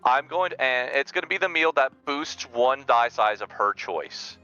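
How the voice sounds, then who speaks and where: A man's voice: mid-range voice, expressive, normal speed, sharp tone, clear, resonant tone, dull audio, soft background music. A man playing in a tabletop game, joking and bantering with the game master. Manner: playful, jokey banter. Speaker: player.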